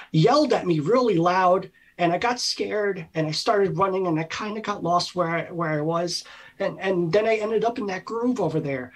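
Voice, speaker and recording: A man's voice: high voice, husky, voice pushed up. Man doing Will, a timid stammering young deer. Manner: stammering, nervous. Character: scared young deer named Will, big but timid.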